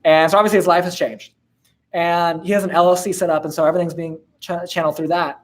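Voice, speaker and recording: A man's voice: a little high, little pitch movement, fast. A man in his twenties hosting a casual live-stream Q&A, laid-back and slangy, with lots of fillers and laughs. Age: 20s. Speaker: host answering viewer questions.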